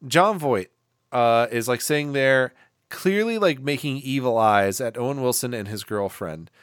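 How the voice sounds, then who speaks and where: Guy on a movie podcast, middle pitch, jokey, dry close sound. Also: lively intonation, moderate pace, clear, resonant tone, dry recording. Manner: jokey, acts out quoted characters in mock voices. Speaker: podcast co-host. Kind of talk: casual movie review chat.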